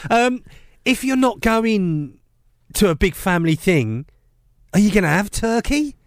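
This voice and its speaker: A man's voice: sits high, sing-song, unhurried, no room sound, studio quality. A man co-hosting breakfast radio, jokey and giggly, peppering his talk with "you know what I mean". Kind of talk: casual radio banter. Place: radio studio.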